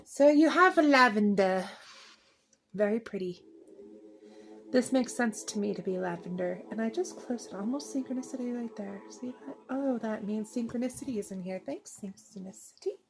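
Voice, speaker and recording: A woman's voice: on the high side, normal speed, creaky, background noise. A woman in her thirties doing a casual tarot reading, chatty and rambling, often laughing. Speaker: tarot reader.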